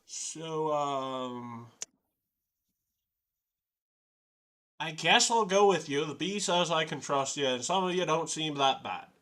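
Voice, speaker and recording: A big, strong raider, played by a man running a tabletop game, blunt and proud. His voice is bright and fairly high for a man. He speaks plainly and matter-of-factly. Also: lively intonation, a little slow. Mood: grudging.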